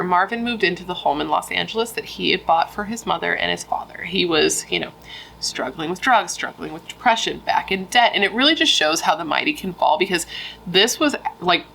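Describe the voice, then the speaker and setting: Low, gravelly-voiced woman recounting true crime. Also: pushed and bright, a little hiss or hum, poor audio. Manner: chatty, frequent "like" and "you know" fillers. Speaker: true crime channel host. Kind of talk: casual true crime storytelling.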